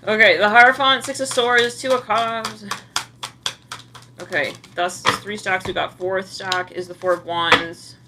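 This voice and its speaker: A woman's voice: mid-range voice, steady tone, measured pace, very noisy. A woman giving a casual tarot reading, chatty and self-mocking, with her mic set across the room. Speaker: tarot card reader. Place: room at home with a cluttered desk. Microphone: mic placed across the room.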